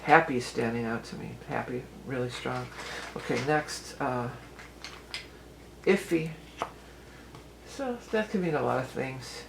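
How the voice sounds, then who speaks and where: Gravelly, chatty woman reading tarot. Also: very deep voice, measured pace, pauses often, noisy background. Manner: chatty and rambling, often restarting sentences. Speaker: tarot and astrology reader. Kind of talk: casual tarot reading for viewers.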